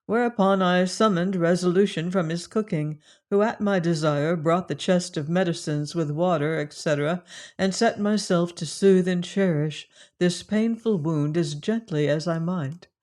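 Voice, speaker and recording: An audiobook narrator reading a classic adventure novel in first person, measured and steady. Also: medium pitch.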